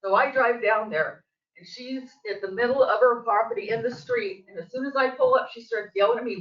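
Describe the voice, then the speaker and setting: An older woman, a local resident, gives public comment at a board meeting in a district office meeting room, telling her story with agitated emphasis as her voice rises toward the end. Her pitch is fairly high, her pace a little fast, her tone a bit bright. The audio is distant, echoey and dull.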